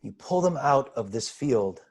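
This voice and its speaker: A man guiding a slow, pausing meditation over a video call, asking gentle questions. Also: mid-range voice, expressive, breathy edge. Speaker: spiritual teacher. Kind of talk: guided meditation.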